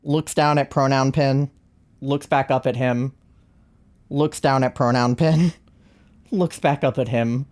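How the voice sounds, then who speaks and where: A young adult live streamer casually telling a story to chat, animated and wry, laughing often. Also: slow pace, long pauses. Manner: animated, laughs often, big swings in pitch.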